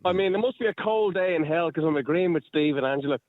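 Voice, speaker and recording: Blunt Irish caller on a phone line. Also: male voice, a little high, fast talker, no echo. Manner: blunt, cynical, swears. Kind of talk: radio phone-in chat.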